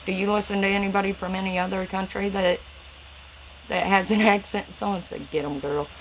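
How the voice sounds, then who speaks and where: A woman's voice: mid-range voice, steady tone, a little fast, a little hiss or hum, poor audio. A woman with a Southern US accent, answering viewers' comments on a phone live stream in a casual, chatty way. Her words run together and she stutters a little. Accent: Southern US, Tennessee. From Southern United States.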